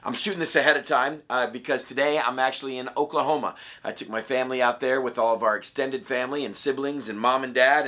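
Raspy guy pastor doing a quick daily bible talk, earnest and chatty, bright voice. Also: mid-range voice. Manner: earnest and conversational, reading scripture with emphasis. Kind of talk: daily devotional Bible study.

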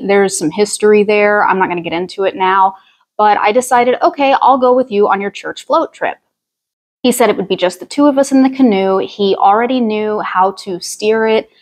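A woman, telling a personal story with wry asides on a storytime vlog. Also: mid-range voice. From Ozarks, United States. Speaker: vlogger.

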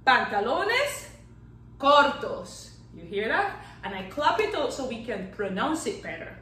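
Animated woman teaching young children. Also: on the high side, a little slow, echoey room, distant mic, low-quality recording. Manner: animated and playful, claps out syllables, counts down magic tricks. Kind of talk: children's language lesson.

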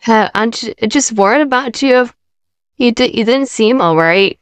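A woman playing a kind young female friend who gently reassures someone in a casual fan roleplay. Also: fairly high pitch, unhurried, dry recording, lightly acted. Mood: reassuring.

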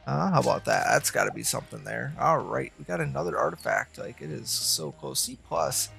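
Brief: male let's-play host, gravelly fry, lively pitch, musing aloud at his game, soft game music under him. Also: a little fast. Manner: thinking aloud, chatting to the game's students. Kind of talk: casual gameplay commentary.

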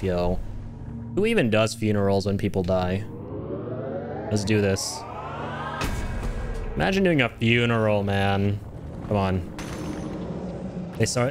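A man streaming a video game, reacting loudly to his chat, swearing, laughing and yelping in surprise. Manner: excitable, swears, frequent laughs and sudden high yelps.

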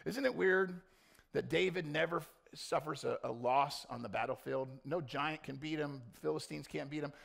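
Gravelly-voiced man preaching a blunt sermon. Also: fairly high pitch, normal speed. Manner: blunt, swings between quiet intensity and loud mocking voices. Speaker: pastor.

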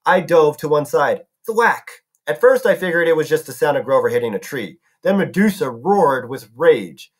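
A man's voice: on the high side, expressive, normal speed, hardly any pauses. A man reading a novel aloud as a narrator, now and then correcting himself. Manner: narrating with some self-corrections. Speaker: audiobook reader.

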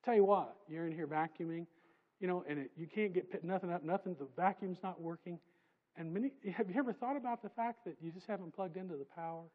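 A man preaching a sermon in a church, emphatic and conversational, swinging from loud passages to soft asides. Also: high-pitched, fast talker, phone-quality sound. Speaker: pastor. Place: church sanctuary.

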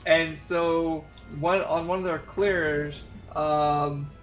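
A man's voice: on the high side, fairly even intonation, drawn-out words, soft background music. A man chatting casually with friends while playing an online game, rambling and restarting his sentences. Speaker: gamer in voice chat. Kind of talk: casual chat while gaming.

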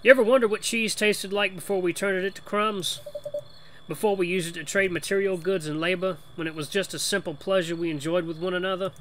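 A man's voice: high voice, fairly even intonation, a little fast, fairly bright tone, slight background noise, pitched above the performer's own voice. A man voicing a weary male mouse from a video game in a put-on Boston accent, musing and conspiratorial. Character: weary working-class male mouse, tavern dweller.

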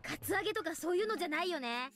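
A woman's voice: very high-pitched, expressive, racing, fairly bright tone. A bubbly teasing teen girl. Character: lively teasing teenage girl. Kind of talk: Japanese game voice acting.

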